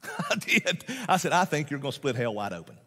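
Folksy preacher in a reverberant hall. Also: male voice, fairly high pitch, very animated, brisk, bright, forceful tone, slightly rough. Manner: folksy, emphatic, repeats phrases, laughs often. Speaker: pastor. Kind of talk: sermon. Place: large church auditorium.

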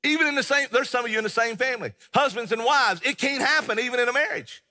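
A man's voice: very high-pitched, fast, bright, forceful tone. A man preaching a sermon in a church, emphatic and conversational, with many restarts. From American South. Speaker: pastor. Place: church sanctuary. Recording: long reverb of a large hall.

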